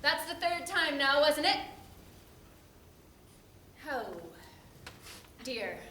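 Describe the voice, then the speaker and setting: A stingy, huffy gentleman who counts every coin, played by a woman in a stage play. He speaks slowly and deliberately in a high voice, heard from far off. Noise and echo from a hall fill the recording. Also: lively intonation, heavily acted. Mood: impatient. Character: stingy indignant gentleman customer, male. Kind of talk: amateur stage acting. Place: theater stage. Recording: echoey hall, from far off, noisy.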